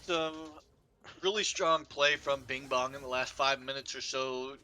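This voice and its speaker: A man's voice: medium pitch, unhurried, sharp tone, a little hiss or hum. A man giving laid-back, joking color commentary on a live esports match, with lots of "uh" and "like". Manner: laid-back, joking analysis with many fillers.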